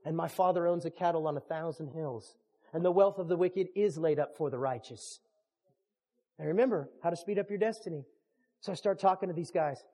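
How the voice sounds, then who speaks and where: A man preaching a sermon as a storyteller, animated, swinging from hushed lines to shouting. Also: on the high side, fairly quick, big-room sound. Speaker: pastor.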